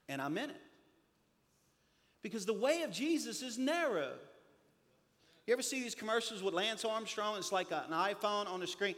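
A man in his forties preaching a sermon, telling stories with animated humor. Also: high-pitched, normal speed, long pauses. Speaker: pastor. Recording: reverberant hall.

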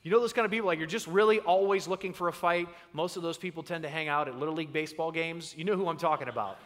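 Pastor, man, bright and high-pitched, animated storyteller, reverberant sanctuary. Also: racing. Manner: animated storyteller, acts out voices. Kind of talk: sermon. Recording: long reverb in a large hall.

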